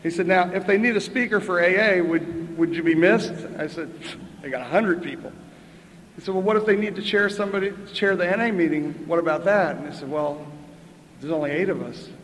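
An older man speaks in a fairly high register for a man, sharing his recovery story with dry humor and a conversational rhythm. His voice carries the long echo of a meeting hall, with faint room ambience underneath. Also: fairly quick, fairly bright tone, a little hiss or hum. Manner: chatty, wry, punctuates with "right?" and laughs. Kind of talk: storytelling share at a twelve-step meeting.

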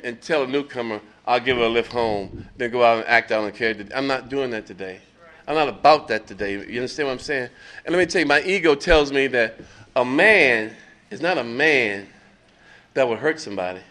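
A middle-aged man giving a blunt, profane, animated speaker share at a recovery meeting, laughing between lines. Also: medium pitch. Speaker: recovering addict sharing at a meeting.

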